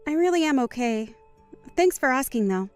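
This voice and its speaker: A woman voicing a calm, composed young woman wronged at a wedding, speaking in a measured, firm way in a voiced story drama. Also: high-pitched, no echo, faint music behind.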